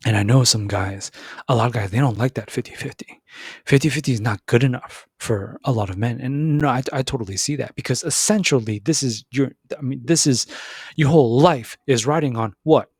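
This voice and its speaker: A man hosting a podcast, giving an animated motivational monologue, repeating words and acting out other voices. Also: fairly quick, slightly rough, no echo, clean studio sound. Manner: animated, repeats words, acts out voices with big pitch jumps. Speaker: podcast host.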